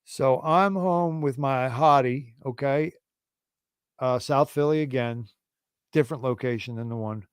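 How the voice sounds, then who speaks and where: A man in his forties hosting a livestream, telling a rambling, profane story in a casual, animated way. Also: mid-range voice, unhurried, smooth, dry recording, studio quality. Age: 40s. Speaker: livestream host.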